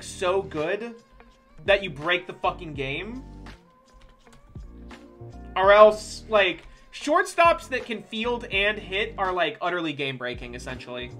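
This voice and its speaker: A game streamer talking casually over gameplay. The voice is bright and sharp, and it swings widely in pitch. The delivery is jokey and profane, full of teasing asides to viewers. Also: sing-song, measured pace, soft background music. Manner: joking, profane, chatty with viewers.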